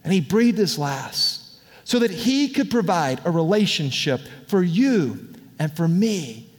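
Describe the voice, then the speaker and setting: A man with a notably high voice preaches to his congregation in a candid, conversational manner with lively asides. His words ring out into the long reverb of a large church hall. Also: unhurried. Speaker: pastor. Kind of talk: sermon. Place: church auditorium.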